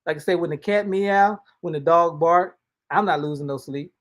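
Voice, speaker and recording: Folksy man with a slightly high voice. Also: moderate pace. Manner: colloquial, folksy, repeats and restarts words. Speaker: host and motivational speaker. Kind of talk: casual spoken devotional.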